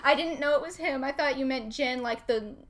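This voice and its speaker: A woman's voice: high voice, a little fast. A young woman chatting casually and reacting with giggles as co-host. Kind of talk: casual chat.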